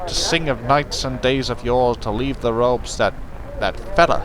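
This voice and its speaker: A man's voice: medium pitch, moderate pace, fairly bright tone, slight background noise, close to an everyday voice. A man doing a theatrical failed bard. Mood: sing-song. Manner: theatrical, self-pitying.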